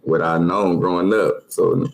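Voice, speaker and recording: A man with a very deep, gravelly voice talks casually on a podcast. He speaks in a halting, laid-back way and keeps reaching for the next word. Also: steady tone, a little hiss or hum. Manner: halting, full of "like" fillers. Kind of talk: casual chat.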